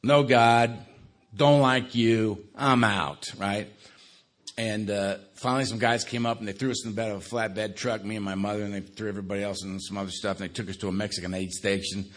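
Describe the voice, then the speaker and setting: An older man from Los Angeles speaking to a live recovery meeting. He tells his story conversationally, laces it with dark, wry humor, and keeps checking in with "right?". His tone turns quiet and subdued for grave memories. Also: fairly low pitch, level tone, quick pace, few pauses. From Los Angeles, USA. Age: 60s. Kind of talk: recovery talk to a live audience.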